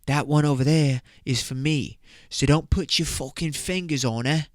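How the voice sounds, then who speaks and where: A man's voice: fairly high pitch, moderate pace, dry recording, studio quality, lightly acted. A man doing a swaggering, crude young British lad in a put-on British accent. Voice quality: profane, boastful.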